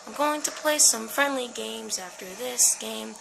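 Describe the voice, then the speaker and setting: A woman's voice: a little high, a little slow, vocal fry, noisy background. A woman giving jumpy, swear-laden commentary while playing a horror game. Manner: jumpy, swearing, talks to herself. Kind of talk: let's-play commentary.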